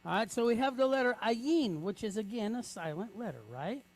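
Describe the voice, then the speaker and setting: A man's voice: high voice, expressive. A man teaching a reading lesson, breaking words into sounds and checking in with the class after each step. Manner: patient, checks in with frequent "right?"; spells out sounds slowly, syllable by syllable.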